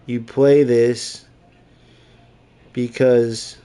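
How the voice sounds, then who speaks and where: A man's voice: mid-range voice, flat delivery, drawn-out words, mellow, clear, resonant tone. A young man, a gaming YouTuber, ranting in mocking, exasperated gameplay commentary.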